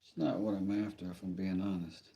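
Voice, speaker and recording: A man's voice: low-pitched, fairly even intonation, a little fast, vocal fry, mellow. A man streaming casually as he sharpens and whittles, talking to himself and his chat in a rambling, playful way. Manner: rambling, playful, talks to himself while working. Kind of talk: casual livestream chat while woodworking.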